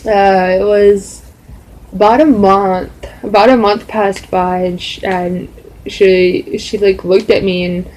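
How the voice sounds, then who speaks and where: A woman's voice: medium pitch, steady tone, slow pace, a little mellow, low-quality recording. A young adult woman telling a story in a casual, rambling vlog style, full of fillers. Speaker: vlogger.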